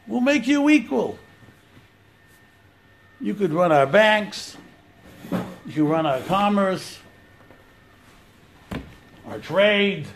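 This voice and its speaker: A man's voice: high-pitched, creaky. A man giving an informal religious lecture, telling the story animatedly and acting out the quotes. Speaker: Torah teacher.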